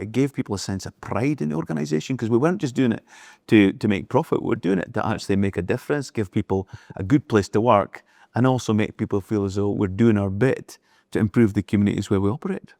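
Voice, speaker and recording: A man's voice: fairly low pitch, fast, vocal fry, mellow, no room sound, clean studio sound. A middle-aged man, a business leader telling anecdotes as an interview guest, acting out the dialogue as he goes. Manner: anecdotal, acts out dialogue in the retelling. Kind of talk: storytelling in casual conversation.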